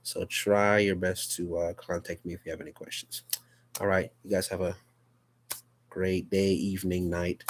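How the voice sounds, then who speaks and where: Male teacher, very low voice, patient and repetitive, casual live phonics class. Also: flat delivery, moderate pace. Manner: patient, repetitive, checks in with "okay?".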